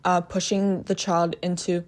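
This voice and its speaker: Female true crime storyteller, lowish register, hesitant and restarting, blunt and profane in her asides. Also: little pitch movement, measured pace. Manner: blunt, profane asides between retelling facts. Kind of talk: casual true crime narration.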